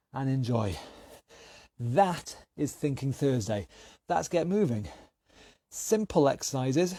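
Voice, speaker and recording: Energetic man leading a workout class. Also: on the high side, dry recording. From United Kingdom. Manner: energetic coaching with counted cues. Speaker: fitness instructor. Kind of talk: online exercise class instruction.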